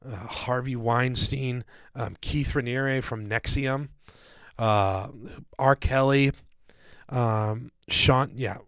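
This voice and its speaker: A man's voice: mid-range voice, fairly even intonation, slow pace, a bit bright, clean tone, no room sound. A man co-hosting a casual podcast discussion, talking in a rambling way with many fillers and restarts. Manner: casual, calls listeners "guys" and "dude". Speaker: podcast co-host.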